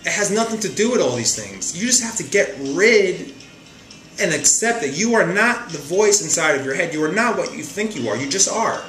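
A man's voice: high voice, sing-song, moderate pace, a bit bright, roomy sound, soft background music. A man giving a casual spiritual monologue from a chair at home, emphatic and repetitive, with frequent stumbling restarts. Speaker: spiritual talk host. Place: room in a home, seated on a chair.

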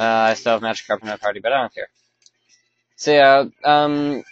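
Guy rambling thru a let's play, keeps correcting himself, muffled lo-fi mic, bit of game music behind. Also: on the low side. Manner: rambling, self-correcting, offhand. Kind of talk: casual gameplay commentary.

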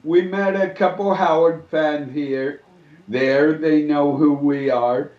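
A man's voice: on the high side, fairly even intonation, takes it slowly. A man hosting a casual radio chat, easygoing and agreeable. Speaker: host. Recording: roomy, dull lo-fi sound.

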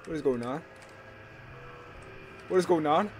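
A young gaming YouTuber with a fairly high voice plays a horror game and narrates live, talking a little slowly over heavy background noise. He is loud, excitable and jumpy, swearing constantly, yelping and screaming at the scares, and repeating himself.

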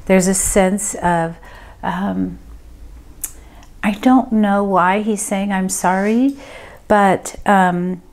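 A woman working as a medium, giving a group reading and thinking aloud in a casual, hesitant way with many pauses and fillers. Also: medium pitch, fairly even intonation.

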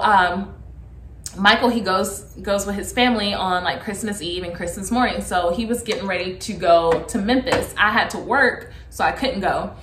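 A woman, a vlogger chatting casually and telling a story with lots of laughter. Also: reverberant. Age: 30s. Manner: animated, laughing, acts out quotes in a high excited voice.

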